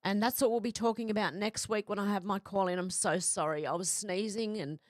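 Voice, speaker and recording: A woman's voice: medium pitch, fairly even intonation, fairly quick, no echo, clean studio sound. A woman who has a cold and a runny nose, chatting casually on a livestream and reading out viewer comments with frequent apologies.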